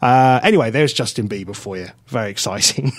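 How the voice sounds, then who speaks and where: A man's voice: mid-range voice, fairly quick, dry recording. Jokey man co-hosting a radio show. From England. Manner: animated, jokey, laughs often. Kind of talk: casual radio banter.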